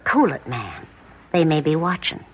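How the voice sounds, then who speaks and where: A woman's voice: low-pitched, sing-song, a little slow, very noisy. An actress playing a cagey young beatnik woman who talks in hip slang, in a 1950s radio drama. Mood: hushed, cagey. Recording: dull old radio recording.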